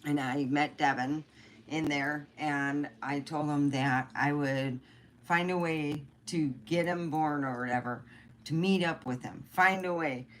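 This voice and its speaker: A woman's voice: deep voice, fairly even intonation, unhurried, a little hiss or hum. A middle-aged woman chatting casually on a livestream, rambling and candid, swearing freely. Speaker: livestream host.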